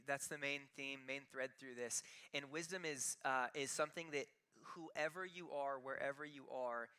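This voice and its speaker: A man in his thirties, a pastor, preaching a casual, conversational sermon with chatty storytelling and animated asides in a slightly echoey church. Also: fairly high pitch, smooth. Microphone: handheld or stand mic.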